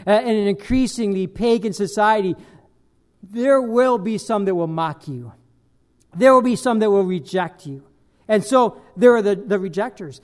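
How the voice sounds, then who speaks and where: A man preaching a sermon as pastor, emphatic, swinging between loud bursts and quiet dropped lines. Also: sits high.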